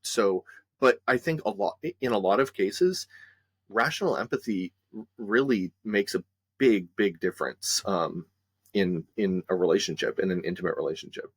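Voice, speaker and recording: Low-voiced man, measured and hesitant. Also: husky, no echo. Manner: measured, hesitant, many fillers. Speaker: therapist, guest. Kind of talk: conversational discussion.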